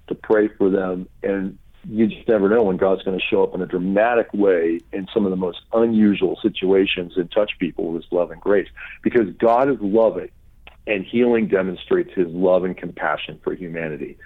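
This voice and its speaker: Over a tinny phone connection, a pastor and author in his 50s joins as a guest, telling stories in a lowish voice. It's a conversational interview, and he acts out quotes animatedly with sudden high pitch leaps.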